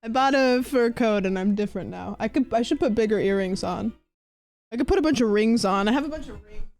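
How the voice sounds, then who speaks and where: A woman's voice: a little high, brisk, darkish tone. A woman streamer chatting casually and playfully, giggling and swearing as she talks. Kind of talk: casual livestream chat.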